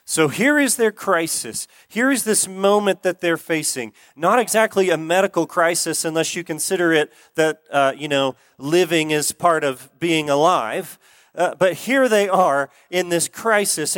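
A male pastor delivers a sermon earnestly, repeating key phrases and slowing down to stress them. His voice sits somewhat high. The recording is dry and close, with no room echo. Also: fairly bright tone.

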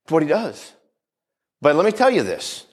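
Male preacher, mid-high voice that swings widely, fervent sermon delivery with amen call-outs. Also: huge pitch swings, normal speed.

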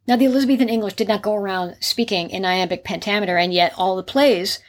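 A woman host in a conversational interview, asking questions in a measured way with some hesitations. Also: medium pitch.

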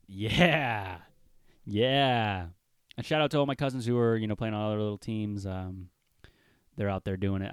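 A man's voice: mid-range voice, clean tone, dry recording, studio quality. A young man from Washington state hosting his own podcast, talking in a laid-back, rambling way, full of dude and bro. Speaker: podcast host. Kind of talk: casual solo podcast monologue.

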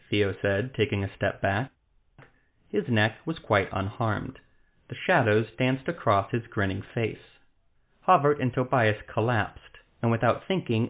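Low-voiced male storyteller over a tinny line. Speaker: narrator. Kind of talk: scripted story narration. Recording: tinny phone-like lo-fi sound.

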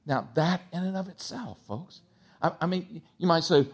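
Man, pastor preaching, slightly high voice, hushed then loud, stammering restarts. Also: normal speed. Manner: animated preaching, swings from hushed to shouting. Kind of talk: sermon.

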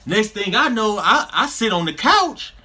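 Male co-host, high bright voice, animated slangy storyteller in a casual chat. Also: a little slow. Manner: animated storyteller, laughs through punchlines, slangy.

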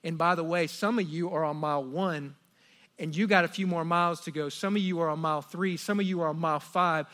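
A middle-aged man preaching a sermon, telling a family story with animated swings from hushed asides to loud exclamations. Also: a little high, brisk. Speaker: pastor.

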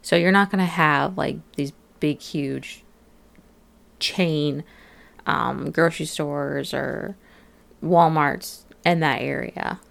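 A woman with a low, gravelly voice recaps an episode in a relaxed podcast chat. She talks loosely, full of fillers, and slips into little acted-out quotes. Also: takes it slowly. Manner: chatty, many fillers, acts out quotes of locals. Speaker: podcast co-host.

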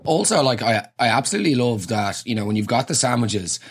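A man's voice: mid-range voice, expressive, fairly quick, slightly rough. A young Irish man giving a rambling, sweary comic monologue and acting out little scenes.

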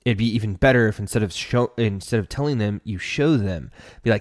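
Man, podcast host, casual advice talk, earnest, fairly low voice, dry recording. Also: brisk, dry recording. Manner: earnest, conversational, talks straight to the listener.

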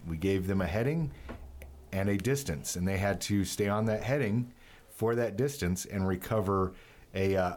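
A man, a course instructor, explaining in a matter-of-fact way during casual chat, with frequent restarts. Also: low-pitched.

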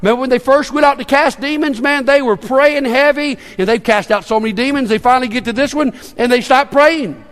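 High-voiced pastor preaching in an echoing hall. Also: male voice, a little fast, few pauses, a bit bright. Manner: earnest, with stammered repetitions. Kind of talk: sermon. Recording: long reverb in a large hall.

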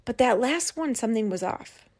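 A young woman hosting her podcast, telling a personal story in a candid, animated way and often swearing. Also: on the high side, normal speed. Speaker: podcast host and business coach. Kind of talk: casual personal monologue.

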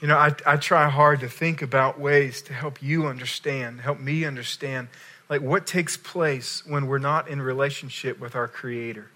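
A male pastor preaching a sermon, telling a story with swings between loud emphasis and hushed lines. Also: mid-range voice, steady tone, normal speed.

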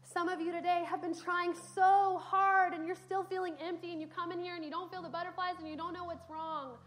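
A woman's voice: very high-pitched, level tone, fairly quick, fairly bright tone, slight background noise. A young woman preaching a sermon in a church, telling stories earnestly with casual fillers. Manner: earnest storytelling with conversational fillers. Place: church sanctuary.

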